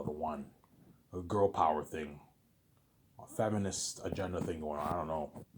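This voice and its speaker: A man's voice: low voice, a little mellow, a little hiss or hum. A man vlogger ranting in a casual monologue, repeating himself and swearing freely. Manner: repetitive, profane ranting.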